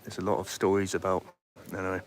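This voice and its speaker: A man hosts a casual livestream outdoors by a street, rambling and reading out viewer comments. His low voice is completely flat and he talks fast, with faint street noise behind.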